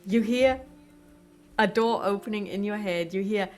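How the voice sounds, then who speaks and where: A woman's voice: medium pitch, fairly even intonation, unhurried, darkish tone. A woman narrating a tabletop game as game master, with wry, playful asides. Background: music.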